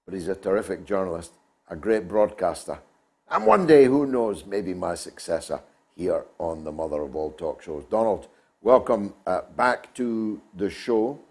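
A man's voice: sits low, sing-song, normal speed, a little mellow, husky. A man hosting a talk show, delivering an emphatic, oratorical monologue.

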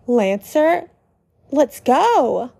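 A woman voicing a tough, bloodthirsty female monster with a gruff, menacing delivery in a game read-through. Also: high voice, big pitch swings, drawn-out words, warm tone, full character voice. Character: tough rough-edged female monster, fierce.

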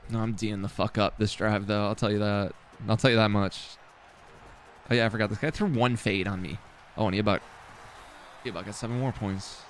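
A young man streams himself playing football video games, talking to himself casually, swearing, and making fun of his own slip-ups. He has a fairly low voice with fairly even intonation and a fairly quick pace, and there is a slight hiss or hum.

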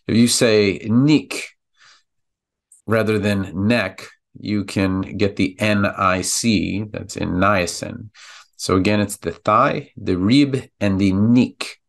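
A man hosting a pharmacology podcast, explaining slides in a relaxed, chatty way with many fillers. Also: on the low side. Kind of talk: narrated slide lesson.

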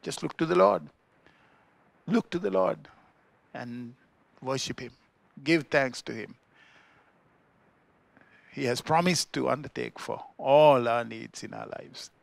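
Sri Lankan pastor preaching with dynamic emphasis. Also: male voice, takes it slowly, creaky, long pauses, dry recording. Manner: swings between loud emphatic peaks and quiet low asides. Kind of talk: sermon. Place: church.

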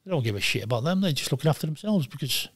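Older man, blunt and profane, animated storyteller, dry close sound. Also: a little high, racing, slightly rough, dry recording. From Wales. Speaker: guest, former goalkeeper. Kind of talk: casual interview chat.

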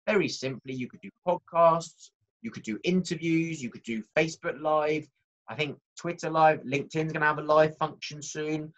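A man presenting a marketing workshop in a lively, conversational way, talking straight to his audience. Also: a little high, normal speed, poor audio.

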